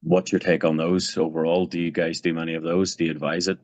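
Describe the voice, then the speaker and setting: A man's voice: low-pitched, flat delivery, quick pace, darkish tone, slight background noise. A man calling in to a live mentorship video call, asking plain, direct questions about his property loans. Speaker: caller asking for advice.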